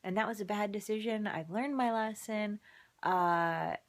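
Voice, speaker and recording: A woman's voice: medium pitch, unhurried, dry recording. A worn-out mother telling a casual vlog story about a long night, chatty and often dropping into a whisper. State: exhausted. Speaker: mother vlogging. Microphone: phone camera.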